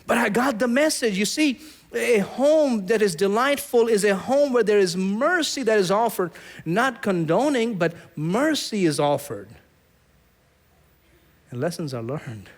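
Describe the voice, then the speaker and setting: A middle-aged South Asian pastor with a somewhat high voice delivers an unhurried sermon, shifting between teaching and storytelling. He gives the characters in his stories animated, dramatic voices, and his warm, lively style is aimed at a congregation.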